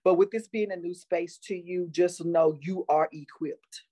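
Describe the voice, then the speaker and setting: Encouraging woman guest, husky voice. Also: fairly low pitch, fairly even intonation, measured pace, warm tone. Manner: encouraging, motivational. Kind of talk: casual interview.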